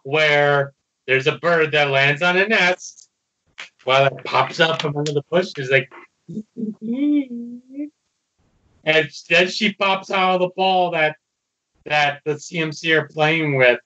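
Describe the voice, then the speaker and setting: Bright-voiced man recapping casually. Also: on the high side, takes it slowly, dull audio. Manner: casual, loose retelling with quoted lines. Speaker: podcast co-host. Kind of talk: casual episode recap chat.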